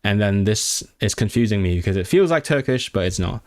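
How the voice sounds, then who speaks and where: A man's voice: on the low side, expressive, a little fast, hardly any pauses, no room sound. A young man live-streaming his language study, chatting with viewers and sounding out foreign words with frequent restarts. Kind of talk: casual live-stream chat.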